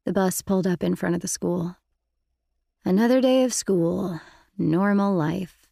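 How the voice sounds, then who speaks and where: A woman narrates an audiobook in the first person, with reflective, intimate storytelling. Her voice sits low and carries a gravelly texture. The recording is close and completely dry. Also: unhurried, warm tone, no echo.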